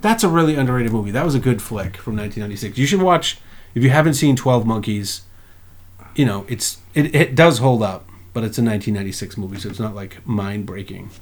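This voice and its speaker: A man co-hosting a podcast in loose, profane chat. He rambles from one old movie or TV show to the next, and his voice sits at an ordinary middle pitch. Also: expressive, quick pace. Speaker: podcast co-host. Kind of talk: casual chat.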